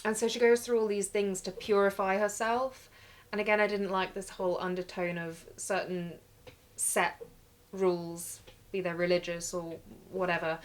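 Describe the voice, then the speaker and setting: A woman's voice: mid-range voice, little pitch movement, moderate pace. A woman co-hosting a casual film review chat, critical and questioning. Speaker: podcast co-host.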